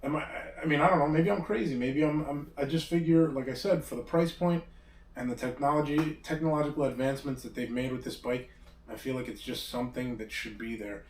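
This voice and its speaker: A man's voice: mid-range voice, a little fast. A man hosting a casual chat, talking in a rambling, hesitant way with many restarts. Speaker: host. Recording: roomy echo, distant mic, faint background hum.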